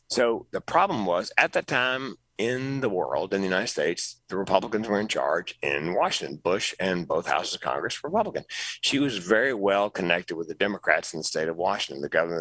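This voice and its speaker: A middle-aged man, a comedian, telling an animated story as a podcast guest, jumping up in pitch when he quotes people. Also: no echo, poor audio. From North Carolina, US. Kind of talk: storytelling interview.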